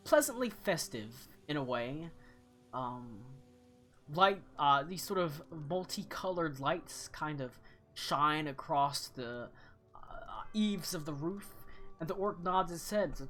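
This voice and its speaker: A man narrating a tabletop fantasy game as game master, relaxed and hesitant, with lots of fillers. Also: a little high, measured pace, soft background music.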